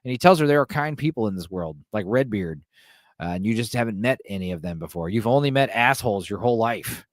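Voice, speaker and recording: A man's voice: fairly low pitch, lively intonation, fast, dry recording, studio quality. A man hosting a podcast, casually retelling a film's story in a loose, rambling way full of fillers. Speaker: podcast host.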